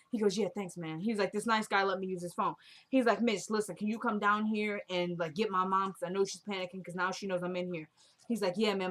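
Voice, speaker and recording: A woman's voice: mid-range voice, a bit bright. A woman casually recapping a TV drama episode, retelling the scenes and quoting the characters in a chatty, opinionated way.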